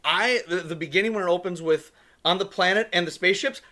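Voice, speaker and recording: A man's voice: sits high, fast, sharp tone. A man hosting a podcast, chatting easily about a film and laughing often. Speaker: podcast host. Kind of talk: casual chat.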